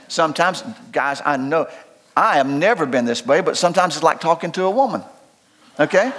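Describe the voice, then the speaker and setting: An older pastor preaches in a folksy, joking way. His voice sits high for a man. He rises into loud preaching and drops into quiet asides. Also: animated, brisk. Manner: folksy and humorous, swings between loud preaching and low asides. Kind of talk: sermon.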